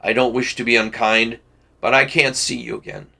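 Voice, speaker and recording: A man reading the part of a cold, disdainful young gentleman with a calm, cutting delivery. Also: mid-range voice, normal speed, vocal fry, exaggerated voice.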